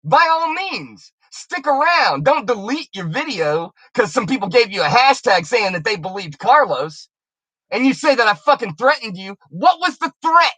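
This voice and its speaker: A woman's voice: medium pitch, very animated, normal speed, fairly bright tone, breathy edge, no room sound. A woman delivering an angry, profane, confrontational rant on her video channel, taunting the person she is addressing. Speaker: YouTuber.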